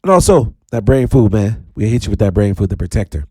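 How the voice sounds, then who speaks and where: Playful animated man DJ, mellow voice. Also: slightly rough, no room sound, studio quality. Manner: animated, playful, swoops into high drawn-out shouts. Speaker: radio DJ host. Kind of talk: casual radio talk show. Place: radio studio.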